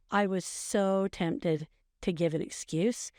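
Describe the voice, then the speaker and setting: A woman's voice: medium pitch, takes it slowly, warm tone, no room sound, clean studio sound. A middle-aged woman co-hosting a podcast, giving earnest, coaching advice in a casual chat and repeating phrases for emphasis. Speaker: podcast co-host, mother.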